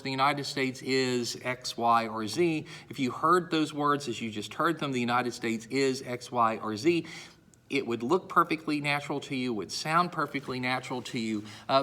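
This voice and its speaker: A middle-aged man delivers a college history lecture in a bright, forceful voice on the high side. His classroom style is conversational, with many "uh"s and restarts, and he repeats points for emphasis.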